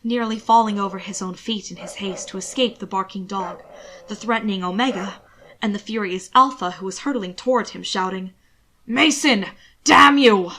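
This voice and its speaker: A woman narrating fan fiction in a measured, expressive storytelling voice. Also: mid-range voice, slight background noise. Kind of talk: reading fan fiction aloud.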